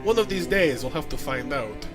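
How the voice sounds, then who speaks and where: A man's voice: fairly high pitch, very animated, moderate pace, music in the background, voice pushed down. A man voicing a cold, scheming noblewoman villain with a put-on Russian accent and sneering, theatrical menace. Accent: vaguely Russian, put on.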